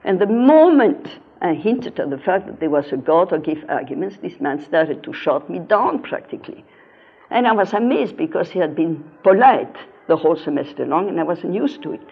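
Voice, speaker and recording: An older woman with a fairly low, gravelly, husky voice gives a philosophy lecture at a moderate pace, expressively telling anecdotes from her teaching and earnestly stressing key words, in a dull lo-fi recording.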